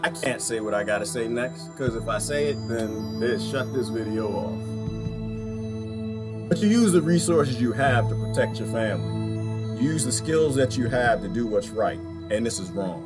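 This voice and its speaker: An impassioned man delivers preachy political commentary in a mid-range voice, hammering the same points again and again. Steady background music plays under his talk. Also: mid-range voice, moderate pace. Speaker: video commentator.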